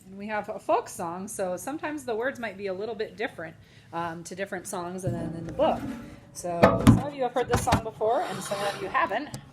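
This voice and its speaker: A woman's voice: medium pitch, brisk. A woman music teacher explaining a lesson to young students in a friendly way.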